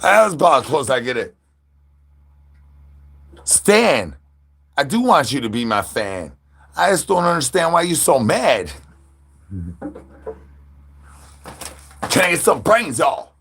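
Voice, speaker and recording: A man's voice: fairly high pitch, sing-song, slow pace, creaky, long pauses, fairly bright tone, husky. A man chatting with viewers on a livestream while standing outdoors, playful and full of goofy catchphrases and animal noises.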